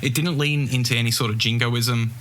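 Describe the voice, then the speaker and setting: A man's voice: medium pitch, steady tone, brisk, fairly bright tone, a little hiss or hum. An Australian man sending in a chatty, jokey recorded message about comics. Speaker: listener contributor.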